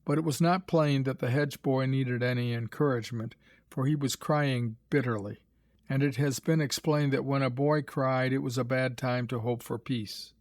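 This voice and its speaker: Brief: male narrator for a graded reader, mid pitch, dry and close. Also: dry recording. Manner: measured, even storytelling.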